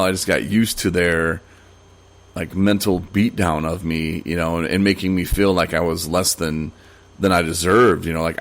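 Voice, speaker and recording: Alone on his podcast, a deep-voiced man with a bit of brightness to his tone rambles in a relaxed monologue, often restarting and leaning on fillers.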